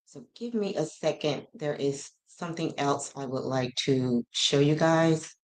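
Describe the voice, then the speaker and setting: Brief: livestream host, woman, low voice, chatty, reads texts aloud deliberately. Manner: reads messages aloud slowly, greets chat by name. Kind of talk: casual livestream commentary.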